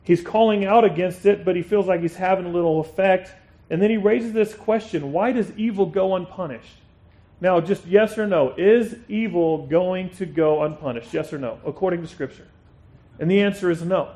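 A man preaching a sermon in an earnest way, reading scripture with emphasis and dropping to a quiet tone for reflection. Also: sits high, moderate pace. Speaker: pastor.

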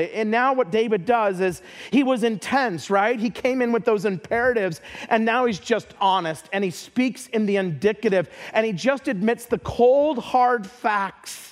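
A man's voice: high voice, unhurried, hardly any pauses. A man preaching a sermon as a pastor, earnest, often repeating words as he starts a phrase.

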